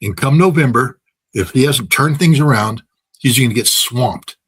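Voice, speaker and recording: Husky-voiced man giving emphatic political commentary. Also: mid-range voice, moderate pace. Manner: emphatic, repeats phrases for effect, frequent filler words; folksy, uses everyday examples and laughs at his own points. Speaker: political commentator, interview guest.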